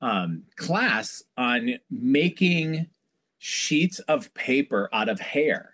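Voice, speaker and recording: A man, a hairstylist guest, telling lively backstage stories in a casual interview and acting out the people he quotes. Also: medium pitch, extremely slow. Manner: animated storyteller, acts out quoted voices.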